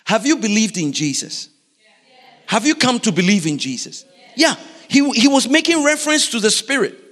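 A man preaching a sermon in a lively, animated way, constantly putting questions to his congregation, in a church. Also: very high voice, normal speed. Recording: reverberant hall.

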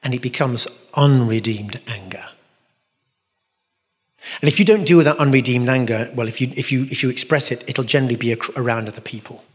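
English preacher in a reverberant hall. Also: male voice, medium pitch, fairly quick. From England. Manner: emphatic, repeating phrases, playful noises. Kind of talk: sermon. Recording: long reverb of a large hall.

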